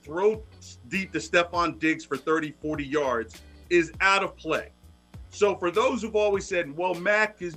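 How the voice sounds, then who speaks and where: Male co-host who cracks jokes, with a bright, fairly high voice. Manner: joking, wisecracking banter. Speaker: sports show co-host. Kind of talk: casual sports talk.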